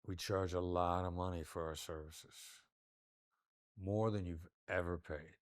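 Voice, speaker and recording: Older male negotiation expert, low voice, plays with his tone to show each point. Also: steady tone, unhurried, no room sound, clean studio sound. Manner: demonstrative, varies tone to illustrate points. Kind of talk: interview conversation.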